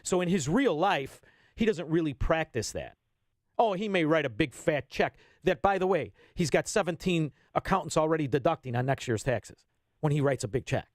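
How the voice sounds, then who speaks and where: A man, ranting bluntly as a radio guest and swinging between loud bursts and low asides. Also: expressive, normal speed, no room sound, studio quality. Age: 50s. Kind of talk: heated political radio talk.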